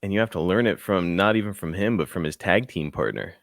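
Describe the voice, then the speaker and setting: A man's voice: sits low, brisk, gravelly, no echo. A man co-hosting a podcast who asks curious, laid-back follow-up questions in a casual interview.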